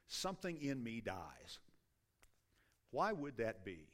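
A man's voice: medium pitch, very animated, measured pace, long pauses, fairly bright tone. A middle-aged man preaching a sermon in a conversational, self-deprecating way, stopping often to restart his sentences. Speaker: pastor.

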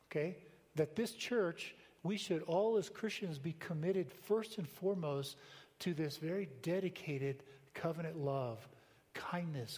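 A man's voice: fairly high pitch, a little mellow. Older male pastor preaching in a reverberant hall. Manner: conversational, anecdotal, frequent rhetorical questions. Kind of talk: sermon. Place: church sanctuary.

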